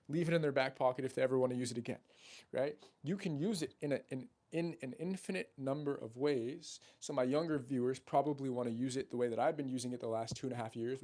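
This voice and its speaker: A man's voice: mid-range voice, darkish tone. A young man coaching on dating, talking in a brash, profane, salesy way straight to the camera, and now and then acting out his friends' voices. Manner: acts out friends' voices in quotes. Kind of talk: casual talking-head monologue.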